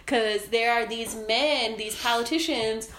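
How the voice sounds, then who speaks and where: A woman co-hosting a casual podcast, telling stories and ranting in an animated way. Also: a little high, unhurried, roomy sound. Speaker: podcast co-host.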